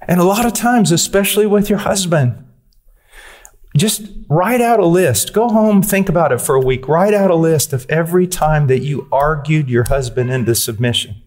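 A man's voice: a little high, animated, moderate pace, darkish tone. A man preaching a sermon, earnest and direct, pressing his listeners with questions and using blunt, dry humor.

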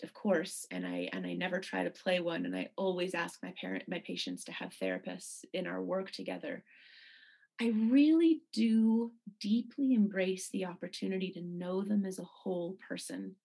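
Husky-voiced woman physician, earnest. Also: mid-range voice, darkish tone. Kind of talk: conversational podcast talk.

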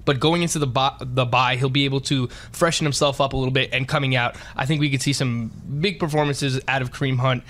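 A man's voice: medium pitch, fairly even intonation, fast, hardly any pauses, a bit bright. A man chatting casually about football, often repeating words as he works toward his point. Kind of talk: casual sports chat.

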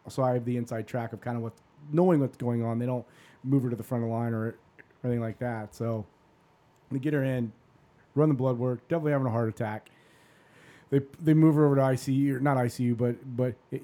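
A podcast host in his forties with a warm, mellow tone and a voice of ordinary pitch. He rambles through a personal story in casual chat, restarting his sentences and dropping curse words without a second thought. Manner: rambling, swears freely.

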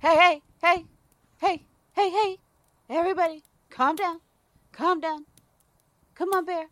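Woman doing a squeaky showy toy monkey. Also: fairly even intonation, unhurried, fairly bright tone, no room sound. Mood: calming. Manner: hyped, showy. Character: cocky male toy monkey.

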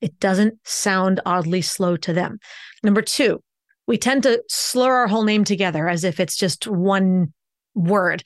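A woman's voice: mid-range voice, unhurried, no room sound. A woman speaks as an expert guest on a podcast. She teaches her points and shifts her pace to stress them. Her mid-range voice sits on a close, dry mic. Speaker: communication coach, podcast guest.

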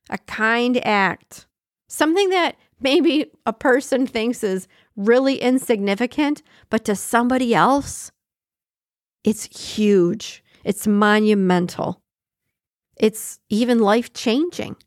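A woman hosting a podcast in a casual, chatty way, reading short passages and then riffing on them with animated asides and easy laughter. Her voice sits a little higher than average. The recording is close and dry, with no room sound. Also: unhurried, no room sound. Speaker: podcast host.

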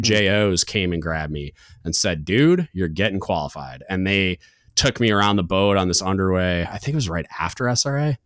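A man's voice: sits low, no room sound, clean studio sound. A man in his thirties, a podcast host, telling a story in casual chat and acting out the voices of others. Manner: animated, acts out quoted voices.

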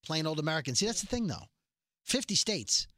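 A New York man with a high, bright voice chats as a show co-host. He jumps into quick impressions of other people. The sound is dry and close. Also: no room sound. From New York City. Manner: animated, mimics people in quick asides. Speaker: podcast co-host. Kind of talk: casual chat.

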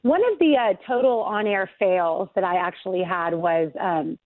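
A woman's voice: on the low side, normal speed, no room sound. A woman radio host chatting over a phone call, bubbly, laughing and emphatic, a little congested. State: congested voice from allergies. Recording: tinny phone line, dry.

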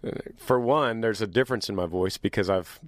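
A man hosting a casual solo podcast in an upbeat, chatty way, his voice deepened by years of singing. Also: fairly quick, no room sound. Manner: upbeat, chatty, teasing his younger self. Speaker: podcast host.

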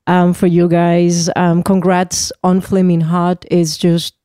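A woman host with a mellow, warm tone chats casually with her guests. She gushes like an enthusiastic fan. Her voice is close and dry. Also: on the low side, monotone, slow pace, clear, resonant tone, dry recording. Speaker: podcast host. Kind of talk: casual interview chat.

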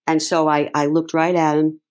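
A middle-aged woman, an interview guest, recounts a personal story in conversation, speaking emotionally and haltingly with many restarts. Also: sits low, completely flat delivery, a little mellow.

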